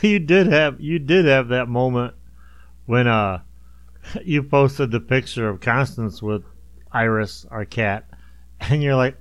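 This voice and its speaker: Middle-aged male co-host, easy laughter, relaxed storytelling, dry close recording. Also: medium pitch, slow pace, pauses often, no echo. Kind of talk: casual chat.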